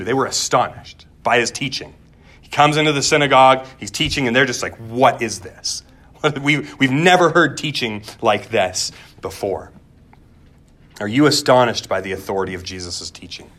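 A man's voice: lowish voice, a bit bright. Man preaching in a chatty way. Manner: conversational, repeats words, rhetorical questions. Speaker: pastor. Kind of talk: sermon.

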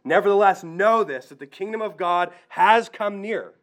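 Earnest higher-voiced male preacher. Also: normal speed, a bit bright. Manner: earnest preaching, rhetorical questions, acts out quoted voices. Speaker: pastor. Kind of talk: sermon.

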